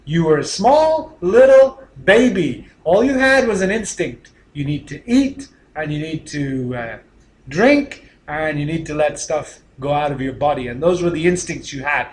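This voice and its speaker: A man giving a motivational teaching talk, emphatic, often dropping to a quiet voice for effect. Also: on the high side, reverberant, a little hiss or hum. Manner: emphatic, with dramatic drops to a quiet voice. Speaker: speaker teaching a session.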